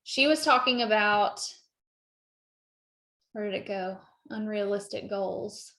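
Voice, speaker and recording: A woman's voice: medium pitch, slow pace, fairly bright tone, echoey room. A woman hosting a team call, effusive and encouraging, talking casually about goals and commitment.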